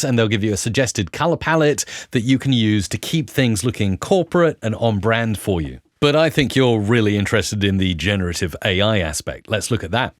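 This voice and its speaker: A man hosting a tech channel, walking viewers through software on screen in an upbeat presenter tone. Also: mid-range voice, dry recording, studio quality. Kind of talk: screen-recorded software walkthrough.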